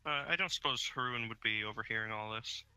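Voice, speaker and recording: A man's voice: lowish voice, fast, sharp tone, rough recording. A man taking part as a player in a tabletop role-playing game, speaking casually and tentatively.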